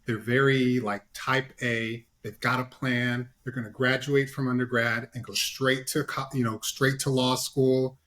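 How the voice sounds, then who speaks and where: This is a man of middle pitch, talking as a panelist in an easygoing online discussion. He gives earnest advice, circling back with fillers and tag questions. He is heard through a video call. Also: flat delivery, measured pace, few pauses, a bit bright.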